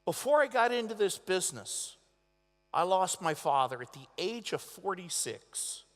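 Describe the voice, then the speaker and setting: A man's voice: high-pitched, sing-song, unhurried. Dramatic male speaker in an echoey hall. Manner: dramatic storyteller, swings from loud to hushed. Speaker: motivational speaker. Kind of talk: motivational convention speech. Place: large convention hall.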